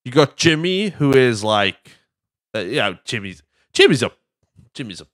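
A man's voice: mid-range voice, very animated, normal speed, fairly bright tone, no echo, studio quality. A young man hosting a podcast in casual chat, rambling and jokey and swearing freely. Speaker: podcast host.

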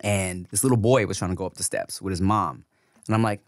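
A man's voice: sits low, brisk, dry recording. A young adult man hosting a podcast, telling a story in a casual, slangy way and swearing freely. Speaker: podcast host.

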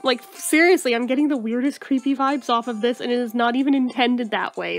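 A woman's voice: on the high side, brisk, few pauses. A woman giving sarcastic, profane let's-play commentary on a video game as she plays, often laughing. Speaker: gaming video host. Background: faint game music.

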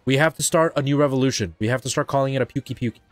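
A chatty man from Canada running a live game stream, with a voice of ordinary pitch. He reads the game's dialogue aloud in a casual way and breaks off to joke with his viewers, while game music plays faintly behind him. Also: very fast, no echo. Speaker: gaming channel host. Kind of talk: live let's-play streaming commentary.

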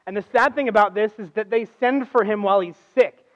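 A man with a high, light voice preaches a conversational sermon in a church. He tells stories like everyday talk, swings between hushed and loud, and the recording sounds a little dull and lo-fi. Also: brisk. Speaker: guest preacher.

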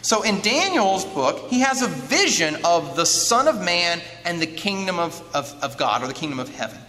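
A man lecturing an audience as an author, lively, asking rhetorical questions and acting out quotes. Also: high voice, normal speed, soft background music. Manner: acts out quoted speech. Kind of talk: lively teaching talk with a handout. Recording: long hall reverb, faint noise.

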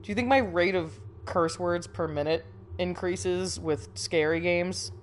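A woman's voice: lowish voice, unhurried, slight background noise. A young woman streaming a horror game with jumpy, nervous commentary, swearing often and laughing through her fear, a little sniffly from a recent cold. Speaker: gaming streamer.

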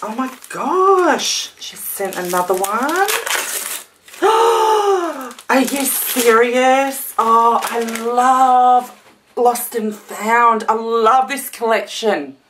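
A woman's voice: on the high side, takes it slowly, fairly bright tone, slight background noise. A woman unboxing gifts on a casual vlog, gushing and gasping, teary and emotional. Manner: gushing, gasping, exclaiming often. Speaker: vlogger opening a gift swap.

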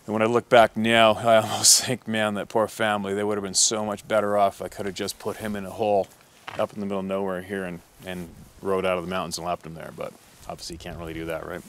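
A man's voice: deep voice, flat delivery, fast talker, a bit bright, a little hiss or hum. A man who works as a hunting guide telling a story in a casual, profane, rambling way.

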